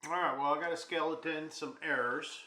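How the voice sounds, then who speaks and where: A man's voice: a little high, fairly even intonation, brisk, bright, forceful tone, reverberant, a little hiss or hum. A man teaching programming, thinking aloud and muttering as he works through errors in a live coding walkthrough. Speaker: programming instructor.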